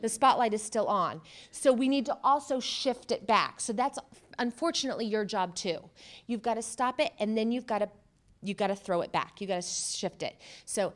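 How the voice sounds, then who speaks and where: A woman psychotherapist giving a workshop presentation, talking conversationally, asking the audience questions and acting out quoted remarks with lively jumps in voice. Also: fairly high pitch, moderate pace. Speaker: cancer psychotherapist.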